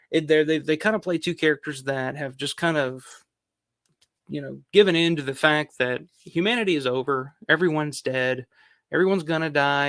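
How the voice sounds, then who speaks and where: A man's voice: a little high, gravelly, fairly bright tone, no echo, studio quality. A man hosting a film countdown video, talking casually and rambling with lots of fillers and the odd swear word. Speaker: film review channel host.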